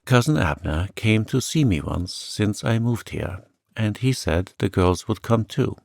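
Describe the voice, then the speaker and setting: A man's voice: lowish voice, lively intonation, unhurried, creaky, dry recording, clean studio sound, heavily acted. A man voicing a lonely, sweet little old lady who talks in a chirpy, eager, fluttery way. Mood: wistful.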